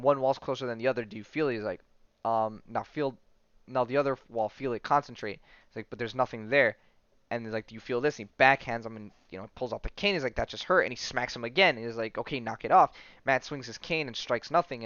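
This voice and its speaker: A podcast host recapping a comic book story in a relaxed, rambling way, with many fillers and self-corrections as he reads the dialogue aloud. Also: mid-range voice, no room sound, dull audio.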